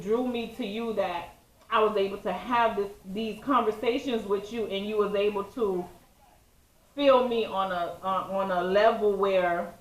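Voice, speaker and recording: A woman chatting casually with her partner about their relationship. She talks in an easygoing, rambling way and keeps repeating her phrases. Her voice sits at a mid pitch and carries the echo of a bare room. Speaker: co-host of a couple's channel. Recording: roomy echo.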